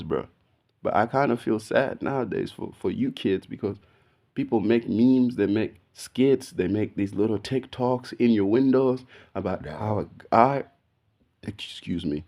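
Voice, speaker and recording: Aussie guy in his 30s, kinda low voice, rambling story full of slang and "bro". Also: measured pace, gravelly. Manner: slangy, animated, says "bro" constantly. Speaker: video podcast host. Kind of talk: casual storytelling rant.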